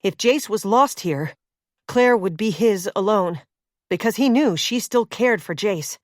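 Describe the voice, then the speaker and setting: A woman reading a suspense novel as audiobook narrator, in a steady, measured way. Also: mid-range voice, no room sound, clean studio sound.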